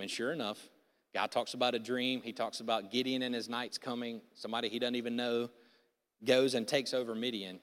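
Animated preacher in an echoing hall. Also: male voice, medium pitch, a little fast. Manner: animated storytelling, casual slang, acts out voices. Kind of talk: sermon. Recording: long reverb of a large hall.

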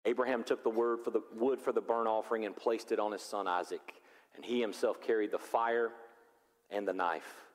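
A pastor preaching a sermon, animated and acting out the characters of the story. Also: male voice, on the low side, moderate pace. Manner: animated, acts out biblical characters in voices. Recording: long reverb of a large hall.

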